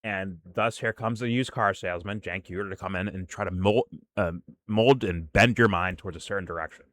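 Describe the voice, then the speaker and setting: A man's voice: deep voice, brisk, a bit bright, no echo, clean studio sound. A man hosting a political reaction show, talking in a heated, sarcastic and profane way and mocking others in put-on voices. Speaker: commentary show host.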